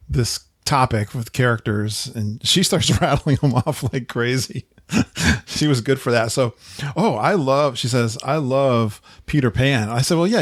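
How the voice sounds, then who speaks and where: A man's voice: mid-range voice, dry recording, studio quality. A man hosting a podcast in casual chat, chatty and laughing often. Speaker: podcast host.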